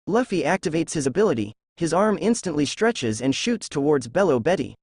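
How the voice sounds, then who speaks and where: A man narrating a fan novel aloud in a steady reading voice. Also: fairly high pitch, fairly quick, slightly rough, dry recording, studio quality. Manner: steady reading, reads characters' lines in the same voice.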